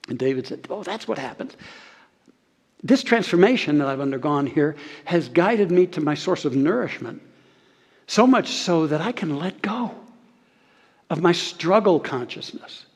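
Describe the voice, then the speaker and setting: A man preaching a sermon as pastor, earnest, slowing and softening on key phrases and leading the congregation in saying lines back. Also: on the high side, lively intonation, husky. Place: church sanctuary. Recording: long hall reverb.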